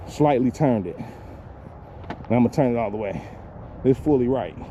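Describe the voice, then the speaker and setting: His mid-range voice has a dark tone and lively intonation, and he takes his time speaking. An adult with kids, he casually vlogs on a handheld phone while walking by a lake in a park, rambling, cursing, and laughing at his own jokes, with a little background noise.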